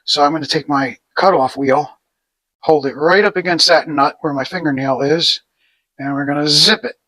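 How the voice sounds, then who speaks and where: A man's voice: on the high side, normal speed, sharp tone, no echo. A man hosting a casual do-it-yourself video, talking through his work in a rambling, self-deprecating way in his home garage. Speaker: DIY video host. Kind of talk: casual how-to narration while working.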